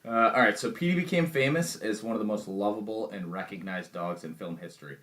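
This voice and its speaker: A man's voice: lowish voice, a little fast, a bit bright. A young man co-hosting a podcast in casual, joking chat with crude humor. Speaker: podcast co-host.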